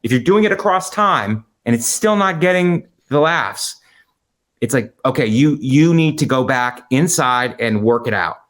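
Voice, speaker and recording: A man's voice: medium pitch, animated, unhurried, fairly bright tone. Rambling male comic on a video call. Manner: rambling, interrupts with jokes. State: over-caffeinated, short on sleep. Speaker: podcast co-host, comedian. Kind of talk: casual comedic chat.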